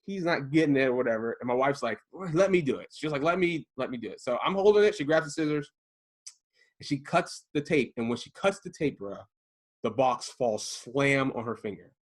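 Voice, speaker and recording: Guy in his 30s telling a story to a buddy, loose and chatty, voice jumps way up on the quotes. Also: a little fast. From Prince George's County, Maryland. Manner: animated, acts out quotes with big jumps in pitch. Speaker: podcast co-host telling a story. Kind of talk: casual storytelling chat.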